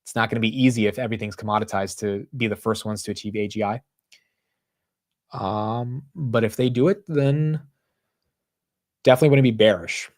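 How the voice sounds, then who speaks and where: A man's voice: lowish voice, steady tone, normal speed, pauses often, darkish tone. A man hosting a live market show, talking casually with slang and thinking aloud. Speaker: livestream host.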